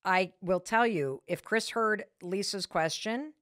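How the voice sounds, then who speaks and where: A woman hosting a motivational podcast, telling a story about herself in an animated, candid way. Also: mid-range voice, a little slow, no echo, clean studio sound. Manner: animated storytelling with frank candor. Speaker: podcast host.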